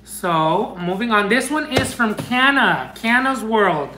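A man unboxing fan mail in a casual chat, gushing and excitable, bursting into squeals and dropping into Spanish phrases. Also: high voice, slow pace, background noise. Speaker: unboxing vlogger. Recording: echoey room.

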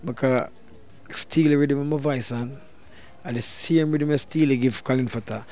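A middle-aged man with a Jamaican accent tells a long story in a relaxed, conversational way. His voice sits at an ordinary middle pitch. He often jumps into sudden loud bursts to act out other people's words. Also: moderate pace. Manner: animated, loud bursts when acting out quotes. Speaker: dancehall deejay guest. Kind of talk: storytelling interview.

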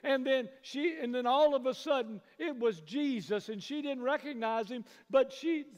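A man preaching a sermon as pastor, building from hushed passages to loud praise. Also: very high-pitched, normal speed. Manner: preaching, rising to shouts of praise. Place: church sanctuary. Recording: long hall reverb.

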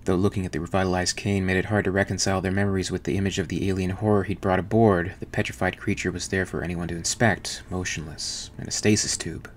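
A man narrating a novel in an even, measured audiobook reading. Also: low voice, a little hiss or hum.

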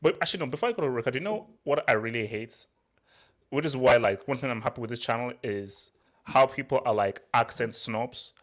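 A man's voice: medium pitch, a little fast. A man with an accent hosting a football channel, ranting passionately in casual chat. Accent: non-English accent. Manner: animated, passionate rant.

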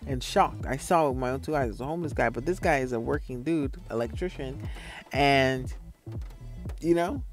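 A man from Florida telling a rambling, profane story in a casual vlog monologue. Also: fairly high pitch. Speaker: vlogger.

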